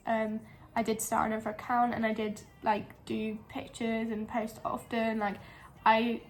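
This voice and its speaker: A young woman, a lifestyle blogger, chatting casually in her home kitchen with rambling, giggly asides and a slightly breathless delivery. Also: on the high side. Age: young adult. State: a bit out of breath.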